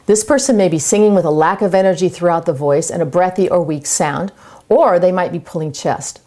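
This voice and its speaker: A woman vocal coach explaining voice breaks in a clear, measured way and demonstrating singing exercises. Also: lowish voice, mellow. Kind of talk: instructional voice lesson.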